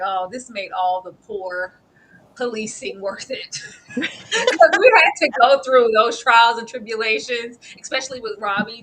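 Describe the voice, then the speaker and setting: A woman co-hosting a TV recap show, animated and laughing, swinging from hushed asides to loud outbursts. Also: on the high side. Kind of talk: casual chat reviewing a TV episode.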